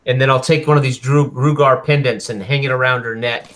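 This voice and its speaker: A man's voice: mid-range voice, steady tone, brisk, fairly bright tone. Male player, average voice, descriptive action narration. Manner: descriptive, stops to find words. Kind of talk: tabletop role-play.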